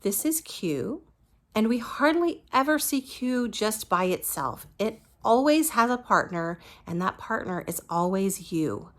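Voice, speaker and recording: A woman leads a phonics lesson for small children at an unhurried, drawn-out pace. She models each letter sound with care and gives gentle praise along the way. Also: medium pitch, expressive. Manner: slow, patient, encouraging, models each sound. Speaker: teacher.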